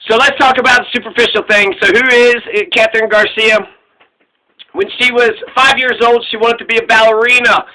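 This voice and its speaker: A man's voice: very high-pitched, flat delivery, normal speed, sharp tone, low-quality recording. A man giving a casual political commentary rant, sarcastic and profane, mocking what he talks about.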